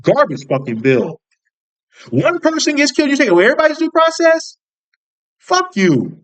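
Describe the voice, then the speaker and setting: This fired-up young American vlogger rants about politics with anger and profanity, rambling and restarting again and again. He speaks a little fast in a very high-pitched voice whose pitch swoops wildly.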